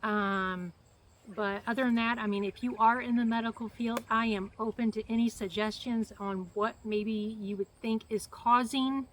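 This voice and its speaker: A woman's voice: on the high side, steady tone, moderate pace, poor audio. Middle-aged woman, casual rambling vlogger, flustered, slight cough, faint background hiss. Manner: rambling, flustered, many fillers. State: hacky cough, short of breath. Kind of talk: casual health update vlog.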